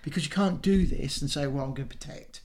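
Chatty man co-hosting a podcast. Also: fairly high pitch. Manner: chatty, halting with fillers and restarts. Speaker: podcast co-host. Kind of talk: casual chat.

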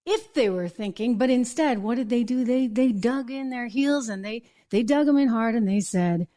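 A woman's voice: a little high, normal speed, hardly any pauses, a little mellow. A woman from New Hampshire hosting an opinion show, indignant and full of rhetorical questions. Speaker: host.

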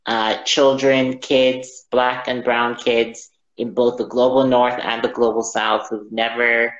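A man telling a personal story as an interview guest, halting and reflective, often repeating his words. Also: medium pitch, flat delivery, fairly bright tone. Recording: roomy, dull lo-fi audio.

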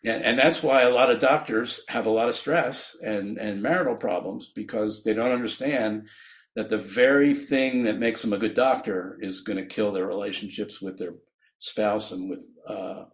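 A man's voice: lowish voice, normal speed. A man, a physician guest on a podcast, explaining his ideas earnestly with frequent laughs and restarts.

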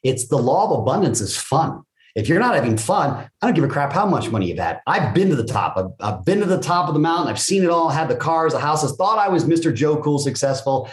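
A middle-aged man, a guest in a podcast interview, telling stories energetically and swearing casually. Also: a little high. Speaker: guest, business coach. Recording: roomy echo.

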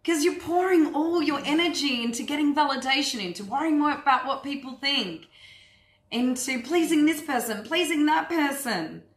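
A woman's voice: high voice, expressive, normal speed. A woman coach giving a frank, earthy workshop talk to a group, swearing freely and speaking with animation. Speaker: women's empowerment coach. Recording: echoey room.

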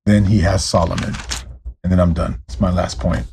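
A man's voice: low voice, level tone, moderate pace, creaky, warm tone, a little hiss or hum. A man preaching as pastor, fervent and direct with his listeners, driving points home with repeated rhetorical questions. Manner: admits to ranting, addresses listeners directly. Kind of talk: sermon.

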